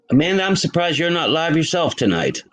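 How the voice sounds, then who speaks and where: A man's voice: on the high side, a bit bright, rough recording. A man hosting a late-night live stream from home, chatting loosely and greeting viewers in the chat by name. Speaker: livestream host. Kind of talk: casual live-stream chat reading comments.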